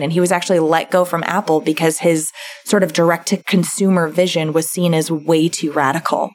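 A woman's voice: deep voice, little pitch movement, fairly quick, a little mellow. A woman co-hosting a podcast, explaining a book's ideas in a casual, list-by-list way. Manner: explains in lists, acts out quoted voices. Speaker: podcast co-host summarizing a book. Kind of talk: casual chat.

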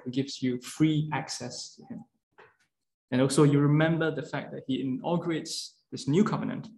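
A man's voice: medium pitch, darkish tone. A man preaching an earnest lunchtime sermon, explaining step by step with fillers and restarts. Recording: echoey room.

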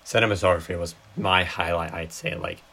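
Very low-voiced young woman podcaster. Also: fairly even intonation, fairly quick, a crowd in the background. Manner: laid-back, short agreements, casual swearing. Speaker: podcast co-host. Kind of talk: casual film-review chat.

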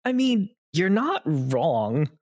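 Animated, rambling young man. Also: fairly high pitch, takes it slowly, no echo, studio quality. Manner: rambling, heavy on fillers. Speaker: podcast host, game master. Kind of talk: casual chat.

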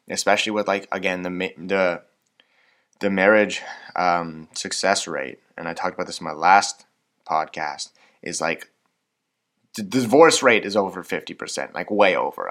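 A man's voice: deep voice, a bit bright. A man in his twenties with a Canadian accent, hosting a casual solo podcast, rambling and self-deprecating with lots of fillers. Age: 20s. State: hyped up on coffee. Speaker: podcast host.

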